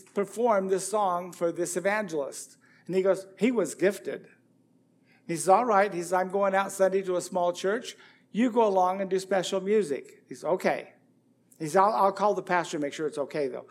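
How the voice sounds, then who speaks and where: A man's voice: high-pitched, a little mellow. A middle-aged man preaching a sermon as pastor, rambling through a folksy anecdote full of quoted dialogue. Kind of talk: sermon with storytelling.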